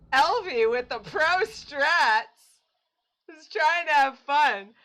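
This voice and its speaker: Casting: excitable woman gamer, high bright voice, unhurried, faint game music under her. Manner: excitable, exclaiming and laughing at the game. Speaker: gamer playing on a channel. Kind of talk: casual let's-play commentary.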